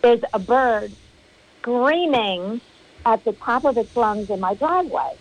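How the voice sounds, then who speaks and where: A middle-aged woman, a spiritual medium, speaking as a podcast guest and telling stories with lively acted-out quotes. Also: on the high side, a little slow, a little hiss or hum, rough recording. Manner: animated storyteller, acts out quotes. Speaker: spiritual medium and card reader.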